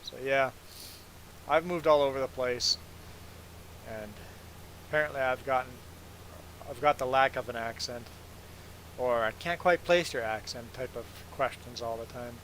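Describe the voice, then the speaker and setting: Relaxed male game streamer chatting. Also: mid-range voice, a little slow, long pauses, a little hiss or hum, low-quality recording. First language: not English. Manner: relaxed, rambling, chatting to viewers. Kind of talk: casual chat while gaming.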